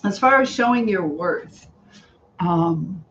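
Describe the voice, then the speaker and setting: A woman's voice: lowish voice, expressive, slow pace, a bit bright, slight background noise. Woman rambling to her viewers while cooking at home, kinda muffled stream audio. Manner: chatty, rambling, greets viewers, laughs often. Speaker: cooking livestream host. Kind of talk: casual chat while cooking. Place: home kitchen.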